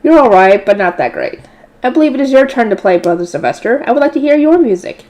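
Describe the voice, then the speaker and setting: A woman's voice: fairly high pitch, big pitch swings, quick pace, darkish tone. A woman voicing a flustered, hesitant young girl shrine maiden in a light novel read-aloud.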